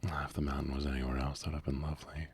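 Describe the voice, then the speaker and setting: A man streaming a game in a soft-spoken, half-whispered voice, joking with chat. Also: rumbling low, little pitch movement, rapid-fire, husky, no room sound.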